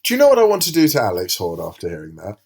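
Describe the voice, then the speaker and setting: A man's voice: lowish voice, huge pitch swings, rapid-fire, vocal fry, darkish tone, breathy edge. Hesitant podcast co-host man. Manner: hesitant, rambling with fillers. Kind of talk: casual podcast chat.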